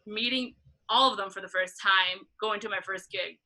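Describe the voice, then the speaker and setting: A woman concert photographer telling a story in a casual interview, animated and acting out what others said, laughing often. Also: medium pitch, moderate pace, low-quality recording. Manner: animated, acts out quoted voices, laughs often.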